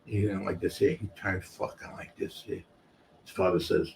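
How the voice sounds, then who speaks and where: A man's voice: low-pitched, level tone, moderate pace, creaky, darkish tone, a little hiss or hum. Blunt, foul-mouthed older man telling stories. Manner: blunt, profane, streetwise. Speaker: guest. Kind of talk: storytelling in a casual interview.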